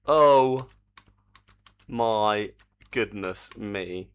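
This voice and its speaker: A man's voice: on the low side, very slow, a bit bright, smooth. An older man, chatting casually on a live stream while he works on a game, reading the chat aloud and swearing mildly.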